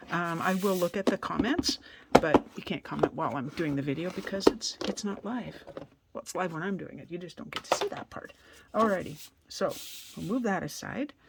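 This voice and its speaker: A woman's voice: fairly low pitch, heavy background noise. A woman from Canada giving a casual card-making tutorial in her basement studio, chatty and self-deprecating, thinking aloud as she works. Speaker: craft demonstrator.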